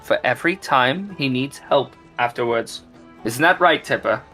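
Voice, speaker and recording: A man's voice: mid-range voice, animated, normal speed, bright, forceful tone, soft background music. A man voicing a haughty, bossy woman archaeologist who speaks curtly and gives orders. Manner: curt, commanding.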